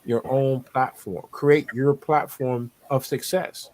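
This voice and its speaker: A man's voice: mid-range voice, fairly even intonation, slow, a little mellow. Motivational man on a video call. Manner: preachy, motivational, repeats himself. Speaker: podcast co-host. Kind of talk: casual panel talk over video call.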